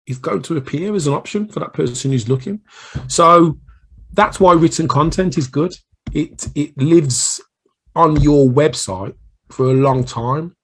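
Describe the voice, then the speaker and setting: A man's voice: fairly high pitch, slightly rough. A man with a Brummie accent giving a casual solo video training on marketing, chatty and rambling with self-deprecating asides. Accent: Birmingham English (Brummie). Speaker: small business marketing coach. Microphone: recording himself on camera.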